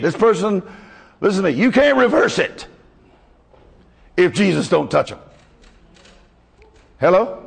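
A man's voice: high voice, gravelly. Man, pastor, folksy emotional sermon, long reverberant hall. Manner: emotional, folksy, calls out "Hello?" to the congregation.

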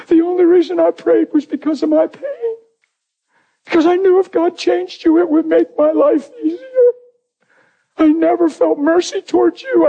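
A man's voice: dark tone, lo-fi sound. A man putting on a sobbing, pleading wife. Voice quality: high, pleading, voice breaking. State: crying. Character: tearful wife apologizing over and over, adult woman.

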